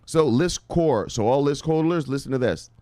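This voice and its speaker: A middle-aged man talks loosely and brashly, swearing and teasing his viewers as he hosts a crypto stream. His voice is smooth and clear at an ordinary pitch. It sounds dry and close to the mic. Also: normal speed, no echo. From United States. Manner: loose, swearing, joking, shouting "bang" at viewers' names. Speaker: crypto video host. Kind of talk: casual live-stream chat.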